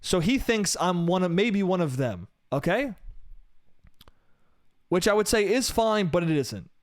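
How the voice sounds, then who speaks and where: Young male solo podcaster, slightly high voice, swears a lot, says "bro" constantly. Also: unhurried, no echo, clean studio sound. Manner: profane, animated, frequent "bro" and "dude". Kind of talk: casual storytelling monologue.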